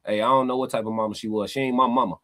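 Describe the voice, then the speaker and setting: A man hosting a casual livestream, reading chat comments aloud and pushing back in emphatic, slangy, animated talk. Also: mid-range voice, very fast. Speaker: podcast host reading live chat.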